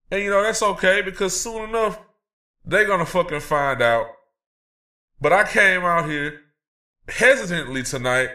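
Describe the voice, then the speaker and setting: A man playing a brash, cocky comedic talk-show persona, ranting loudly with profanity and laughing through his lines. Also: fairly high pitch. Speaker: segment host. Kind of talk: comedic in-character rant.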